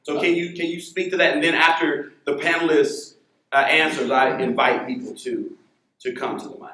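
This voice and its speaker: A man moderating a university panel, telling family stories in an animated way before putting a question to a panelist. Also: a little high, moderate pace, roomy sound, low-quality recording. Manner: animated, acts out quoted voices. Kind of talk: storytelling then posing a question. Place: lecture hall.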